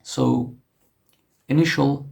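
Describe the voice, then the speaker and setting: Slow gravelly man teaching letters. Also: mid-range voice, steady tone, a little mellow. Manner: slow, patient explaining with frequent self-corrections. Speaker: language teacher. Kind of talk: casual teaching while writing on a board.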